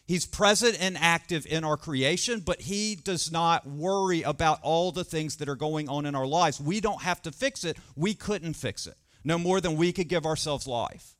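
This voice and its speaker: A man's voice: on the high side, normal speed, fairly bright tone. A man preaching a sermon, telling a story with emphatic repetition.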